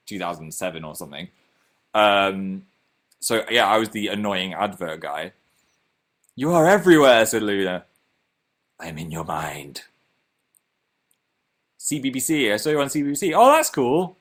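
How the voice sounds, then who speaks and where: Lively low-voiced Northern English man. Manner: chatty, animated, self-mocking. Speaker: livestream host. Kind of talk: casual livestream chat reading viewer comments.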